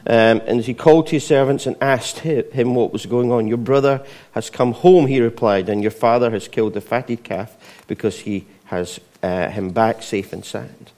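A man's voice: on the low side, a little mellow. A Scottish man preaching a conversational sermon, with frequent asides to the congregation. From Scotland.

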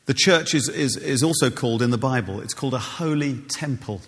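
A man's voice: medium pitch, brisk, a bit bright, big-room sound. A man preaching a sermon in a church, conversational with many ums and restarts.

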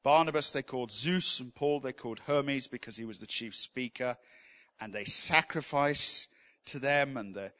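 A man's voice: mid-range voice, normal speed, bright, forceful tone. A man giving an informal, enthusiastic Bible teaching in a church session, talking conversationally with frequent restarts.

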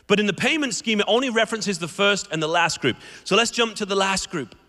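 A man preaching a sermon, his voice high and bright as he tells stories and acts out the characters. He speaks in a church sanctuary with a long, echoing reverb. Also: a little fast. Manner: animated storytelling, acts out the characters. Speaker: guest preacher. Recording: echoey hall reverb.

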